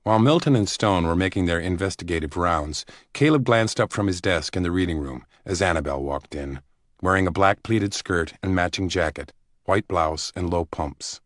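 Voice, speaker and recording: A man narrating a thriller audiobook in a measured, even storytelling manner. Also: low-pitched, no echo, clean studio sound.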